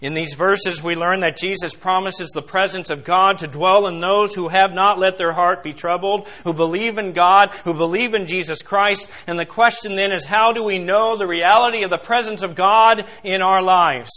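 A male pastor preaching a sermon, emphatic and questioning, swinging from loud declarations to hushed asides. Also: high voice, steady tone, normal speed, few pauses. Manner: addresses congregation as beloved, asks questions.

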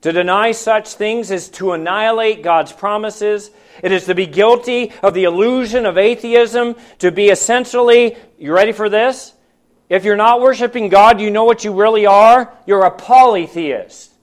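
A man delivers a sermon in a notably high-pitched voice. He asks his listeners question after question, pressing his points loudly, then drops to a hushed, quiet tone. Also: fairly even intonation, moderate pace. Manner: preaching with rhetorical questions to the congregation; swings between loud emphatic lines and hushed quiet ones. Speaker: pastor.

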